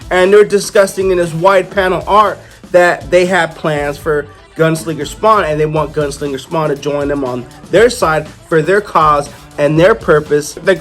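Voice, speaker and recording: A man reviewing a comic book in a chatty, animated way, stepping aside for jokes and acting out the characters. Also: high voice. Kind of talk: casual review talk.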